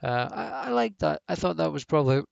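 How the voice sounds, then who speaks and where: Gravelly-voiced man ranting about wrestling. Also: on the high side, fast, dry recording, muffled recording. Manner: rambling, blunt, swears freely, many fillers. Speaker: wrestling show reviewer. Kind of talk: casual spoken review.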